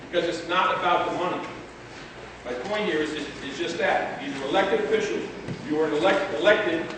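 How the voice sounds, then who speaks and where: A middle-aged man, a former selectman, making an impassioned, repetitive point at a town meeting. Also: fairly high pitch. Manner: emphatic, repeating key points. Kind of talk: impassioned public comment. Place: large hall, town meeting. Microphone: room mic from afar. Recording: echoey distant hall sound with noise.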